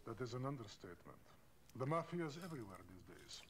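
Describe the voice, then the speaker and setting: An actor puts on a Russian accent to play a stiff, formal male Russian intelligence officer in a spy video game, rolling every R. His voice is medium-pitched, sing-song and fast, with a lightly acted quality.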